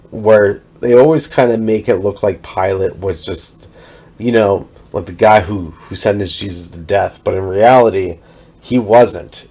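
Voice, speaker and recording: A man reads scripture aloud for his own show, now and then tripping over a word and going back to fix it. His voice sits fairly low and has a husky, slightly breathy grain. Between passages he drops into plain commentary. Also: darkish tone. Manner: reads aloud with slips and self-corrections. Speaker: host reading scripture aloud. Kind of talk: Bible reading and commentary.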